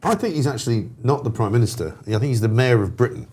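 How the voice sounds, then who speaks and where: A man's voice: mid-range voice, expressive, darkish tone. A man hosting a talk show, bantering in a joking, mocking way with his co-host. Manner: joking, mocking, quick back-and-forth. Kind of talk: casual studio banter.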